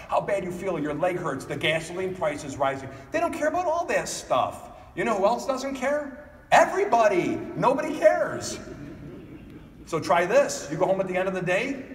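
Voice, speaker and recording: A middle-aged man giving a motivational keynote speech, animated, acting out family members in quick voices. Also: high voice, a little hiss or hum. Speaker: keynote speaker. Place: large hall. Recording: echoey hall from far off.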